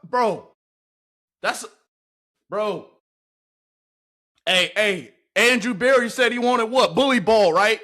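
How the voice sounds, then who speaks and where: A man hosting a sports video, talking loudly and excitedly into a microphone while commenting on game clips in a slangy, hyped-up way. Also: high-pitched, slow, pauses often.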